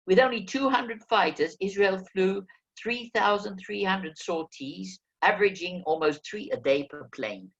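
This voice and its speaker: A man narrating a first-person memoir as an audiobook reader, telling the story in a lively way. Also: high-pitched, unhurried, creaky, muffled recording. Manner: lively storytelling, acting out quoted speech.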